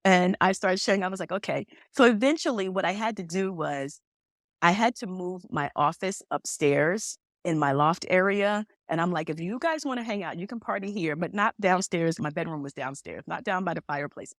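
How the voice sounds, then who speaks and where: Woman medium, really low voice, dry close sound, acts out the quotes as she tells it. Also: moderate pace, no room sound. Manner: animated storyteller who acts out quoted dialogue. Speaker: medium, podcast guest. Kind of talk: storytelling conversation.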